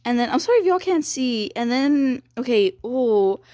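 High, gushing young woman gamer. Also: normal speed, no echo, studio quality. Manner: gushing and excitable, gasping, repeating "dude" and "bro". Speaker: gaming video creator. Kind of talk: excited game walkthrough commentary.

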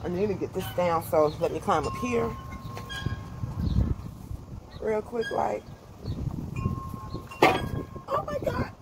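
A fairly low, gravelly female voice at a moderate pace comes through heavy background noise. In this casual home vlog filmed at home and in the backyard, she chats directly to her viewers, and the camera mic captures her from afar with plenty of room echo.

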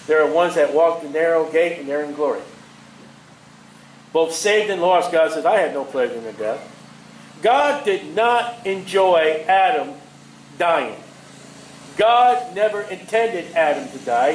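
A man preaching a sermon in an animated way, chuckling at his own asides. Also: on the high side, measured pace, roomy sound, slight background noise, poor audio.

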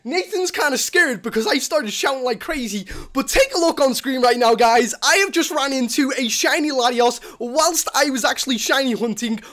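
A teenage boy talking to his webcam in a gaming vlog, giddy, breathless and flustered with excitement. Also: extremely high pitch, moderate pace, few pauses. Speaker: gaming YouTuber. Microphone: webcam microphone.

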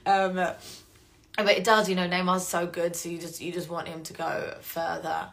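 A woman's voice: fairly low pitch, little pitch movement, normal speed, gravelly, a bit bright. A woman with an English accent chatting casually to fans on a live-stream Q&A, rambling, swearing freely and getting emotional. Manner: gets emotional and laughs often. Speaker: voice actress hosting a fan Q&A stream.

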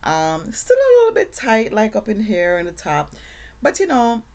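A woman vlogging casually to camera, chatty and animated, with lots of fillers. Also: medium pitch, normal speed. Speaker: beauty vlogger.

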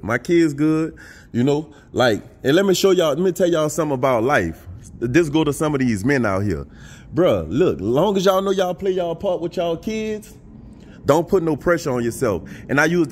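A middle-aged man with a New Orleans accent, talking casually to his viewers in a vlog, repeating himself and giving life advice. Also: medium pitch. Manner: preachy, repetitive, talks straight to viewers. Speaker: vlogger.

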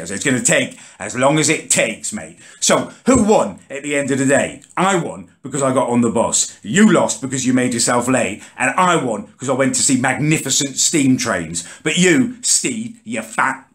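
Exasperated ranting bloke. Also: male voice, medium pitch. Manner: exasperated, sweary, rants with lively rises and sudden drops. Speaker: ranting vlog host. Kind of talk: comic character rant to camera.

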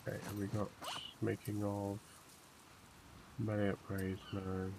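A man's voice: fairly low pitch, completely flat delivery, measured pace, vocal fry, noisy background. A British man chatting to himself while playing a video game and reading in-game notes aloud. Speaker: gamer streamer. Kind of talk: let's play commentary, reading journal aloud.

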